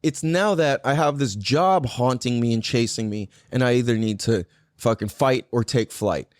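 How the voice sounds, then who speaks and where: A man's voice: medium pitch, moderate pace, no echo, studio quality. A man hosting a podcast in casual chat, rambling and swearing a lot, with plenty of "like" fillers. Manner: rambling and heavily profane, full of "like" fillers. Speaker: podcast host.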